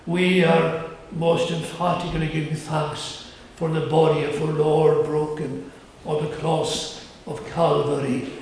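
A man preaching a communion sermon in a church, slow, earnest and measured, with pauses. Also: a little high. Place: church sanctuary. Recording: very echoey church, distant mic, faint hiss.

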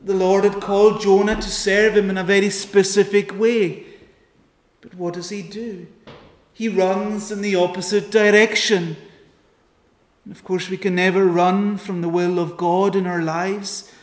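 Slow, echoey preaching man. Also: sits high, level tone. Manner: earnest, pleading, with dramatic pauses and quoted prayers. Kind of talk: sermon.

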